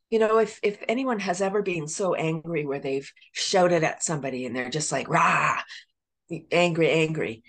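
A woman with a Canadian accent, a laughter coach chatting as a guest, animated and laughing often as she acts out little voices. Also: low-pitched. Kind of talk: casual podcast interview.

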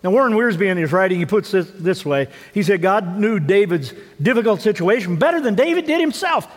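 A man preaching a sermon in a church, his voice sitting notably high for a man. He talks conversationally, tosses out rhetorical questions and often stumbles back over his own words. Long reverb from the sanctuary trails each phrase. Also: animated, a little fast. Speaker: pastor.

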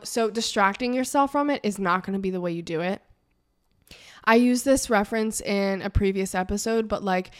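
Young woman podcast host, casual and blunt, swears freely, acts out imagined lines. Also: medium pitch. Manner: frank, profane, animated, acts out imagined dialogue. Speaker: podcast host and life coach. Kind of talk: casual advice monologue.

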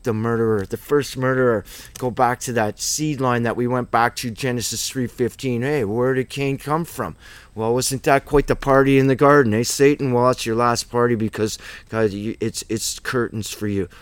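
A man's voice: medium pitch, fairly even intonation, normal speed, smooth, no room sound. A man teaching a Bible study in an informal, rambling, emphatic way, full of asides and rhetorical questions.

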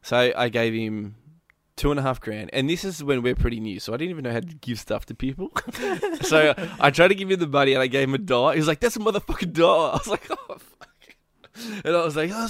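A male podcast co-host, telling an animated story in casual chat and acting out quotes. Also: mid-range voice, fast talker, no room sound, studio quality. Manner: animated storytelling, acts out quotes, laughs often.

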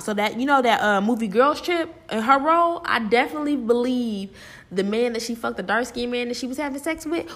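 A young woman ranting and gossiping to her viewers in a blunt, profane, animated way. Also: fairly high pitch, normal speed. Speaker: vlogger. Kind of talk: casual rant and gossip.

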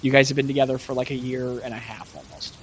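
A man's voice: mid-range voice, little pitch movement, a little hiss or hum. Loose-talking man running a tabletop game. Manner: loose, halting, with frequent restarts. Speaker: game master. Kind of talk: narrating a tabletop role-playing game.

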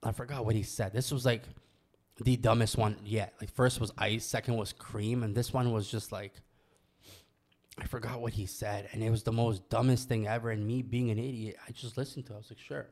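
Young man, casual storytelling, low voice, flat delivery, slangy and profane. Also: a little fast. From Canada. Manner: loose storytelling, heavy slang and swearing. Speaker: guest telling his story. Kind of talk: casual podcast chat.

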